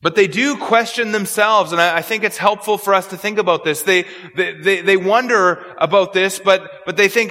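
A man's voice: high voice, normal speed, few pauses, sharp tone. A man preaching an expository sermon, earnest and prone to repeating words as he searches for phrasing. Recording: long hall reverb.

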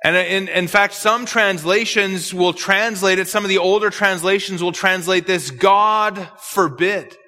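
A man preaching an expository sermon, emphatic and measured, with repetitions. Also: sits high, steady tone, bright, forceful tone, in a large hall.

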